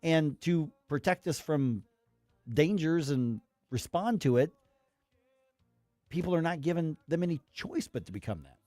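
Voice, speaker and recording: A man's voice: fairly high pitch, animated, unhurried, mellow, dry recording, faint music behind. A man hosting a talk radio show, giving emphatic, rambling opinions with acted quotes.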